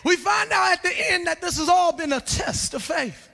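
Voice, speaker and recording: A man preaching a sermon in a church, emphatic and often shouting, with joking asides. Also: very high-pitched, lively intonation, moderate pace, gravelly. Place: church sanctuary. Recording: long church reverb with faint music.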